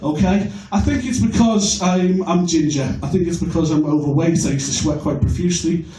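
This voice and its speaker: A man from Birkenhead doing a stand-up set, crude and self-mocking with a deadpan delivery. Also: on the high side, a little fast. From Birkenhead, England. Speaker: stand-up comedian. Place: comedy club stage. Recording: echoey club, recorded from far off.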